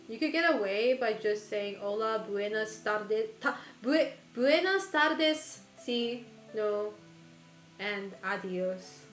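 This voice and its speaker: A woman streamer chatting casually with her viewers while gaming, laughing often and swearing casually. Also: a little high. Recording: roomy echo with faint music behind.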